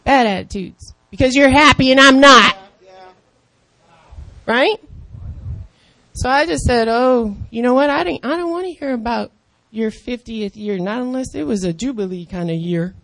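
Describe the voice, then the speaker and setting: A woman in her fifties preaching a lively sermon, acting out the voices of other people and calling out in excitement. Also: a little high, normal speed, vocal fry, pauses often, dry recording. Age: 50s. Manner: animated, acts out voices of others, shouts in excitement.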